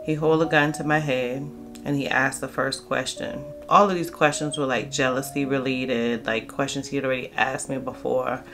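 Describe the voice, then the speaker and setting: A woman's voice: rumbling low, fairly even intonation, normal speed, fairly bright tone, soft background music. A woman telling a personal storytime vlog story, candid and conversational, acting out the dialogue. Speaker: vlogger.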